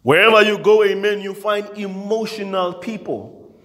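High-voiced man preaching in a ringing hall. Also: moderate pace, fairly bright tone. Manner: emphatic preaching with frequent "amen" interjections and repetition. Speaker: pastor. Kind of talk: sermon. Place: church. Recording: long church hall reverb.

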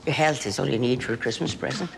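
An actress playing an older Northern Irish grandmother, teasing and sharp-tongued. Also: a bass voice, creaky, slight background noise, heavily acted. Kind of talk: film drama.

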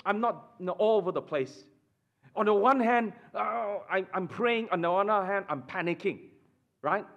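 A man preaching a sermon in church, emphatic and animated, often asking the congregation "right?" and dropping suddenly to a hush. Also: high voice, moderate pace, gravelly, highs cut off. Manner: repeats and restarts phrases, addresses the congregation with "right?". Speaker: pastor.

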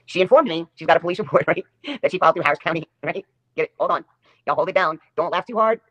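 A woman's voice: lowish voice, quick pace, fairly bright tone, breathy edge, highs cut off. A woman hosting her own livestream, delivering a sarcastic, taunting rant and repeating her jabs over and over. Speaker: livestream host.

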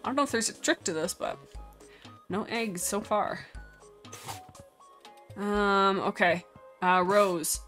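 A woman streaming a video game, chatting casually and excitedly talking to the little creatures on screen. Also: mid-range voice. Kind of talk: casual gameplay commentary. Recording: music playing behind the voice.

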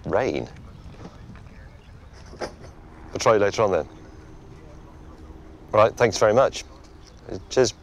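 A man's voice: fairly low pitch, expressive, takes it slowly, pauses often, slight background noise. A man presenting on location outdoors, enthusiastic, with a dry, self-mocking humour. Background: clear music.

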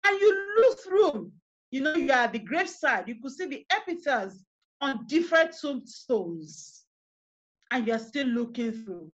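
A woman's voice: sits high, sing-song, measured pace, lo-fi sound. A woman with a Nigerian accent giving an online parenting workshop. She talks earnestly, asks listeners many questions and guides them through an imagined scene. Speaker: parenting coach. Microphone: video call.

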